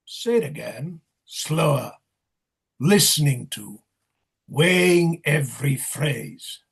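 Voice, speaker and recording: A man acting out a sardonic clown who mocks and commands the king. The gravelly, husky voice swings widely in pitch. It sits a little high for a man, and he pushes the king to say his lines. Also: expressive, takes it slowly, heavily acted. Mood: wry. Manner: teasing, directive, sardonic. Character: wry mocking male clown, teacher of the king. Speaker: actor in rehearsal. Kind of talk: play rehearsal reading.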